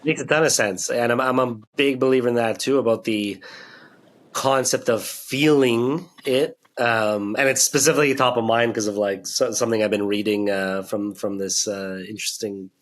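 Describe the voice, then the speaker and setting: A man's voice: medium pitch, moderate pace. Podcast host guy, easygoing, mid-range voice, trips over his words a bit, lots of "like". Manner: relaxed, reflective, with restarts and "like" fillers. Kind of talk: casual chat.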